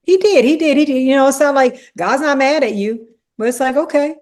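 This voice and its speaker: A woman leading a conversational Bible study, animated and acting out the dialogue, with frequent "you know" asides. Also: sits high, fairly quick.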